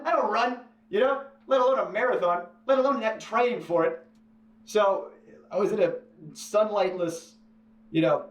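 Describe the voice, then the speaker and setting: Stammering man telling a story, echoey. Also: moderate pace. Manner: stammering restarts, swings into high animated delivery. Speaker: interview guest. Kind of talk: casual storytelling. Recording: echoey room with faint ambience.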